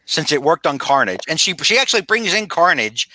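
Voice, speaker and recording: A man's voice: a little high, big pitch swings, a little fast, pushed and bright, no room sound. A man recapping a comic book on a podcast in a casual, rambling way, full of fillers and restarts, over a video call. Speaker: podcast host.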